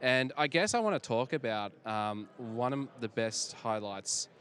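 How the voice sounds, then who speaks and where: A man's voice: medium pitch, lively intonation, fairly bright tone. A male interviewer caught on the spot at an outdoor fan convention. He speaks casually in a mid-range voice, stumbling and restarting as he gathers his words. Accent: non-local accent. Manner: halting, many restarts and fillers.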